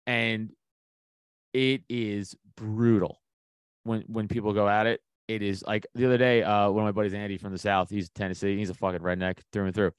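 A man's voice: lowish voice, flat delivery, moderate pace, smooth, no room sound. A man, a comedian telling profane stories on a podcast and laughing often. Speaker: comedian guest. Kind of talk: casual podcast chat.

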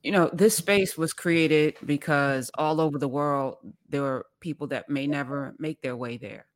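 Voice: medium pitch, fairly even intonation, measured pace. A host in an interview, speaking in a reflective, thankful way.

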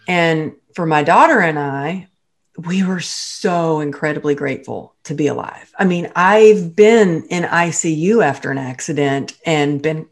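Middle-aged woman telling a story, lowish voice that jumps way up when she gets excited. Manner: animated, voice rising high when quoting and laughing. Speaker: guest telling a personal story. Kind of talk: casual storytelling chat.

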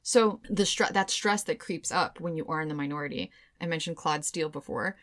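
Low-voiced woman explaining research. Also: brisk, fairly bright tone. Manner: explanatory, cites research, teasing. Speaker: podcast co-host. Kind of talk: casual conversational chat.

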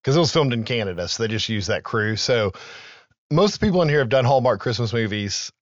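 A man co-hosting a podcast, talking through movie trivia in a loose, conversational way with the odd curse word. His voice sits at an ordinary middle pitch. The recording is dry and a little dull, with a lo-fi edge. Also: animated, fairly quick, no echo. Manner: conversational, recaps film trivia with loose asides and profanity. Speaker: podcast co-host. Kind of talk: casual podcast chat.

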